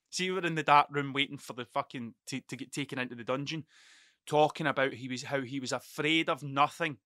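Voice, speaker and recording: A man with a Scottish accent telling a story in casual conversation, animated and full of swearing, and laughing often as he goes. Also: a little high, no echo, clean studio sound. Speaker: podcast host.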